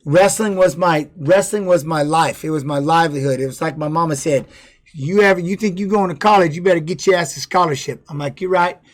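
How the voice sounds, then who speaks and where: A man's voice: a little high, a little fast. A middle-aged man telling his life story casually on a livestream, blunt and profane, often restarting and adding "you know what I mean". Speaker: former fighter streaming to viewers.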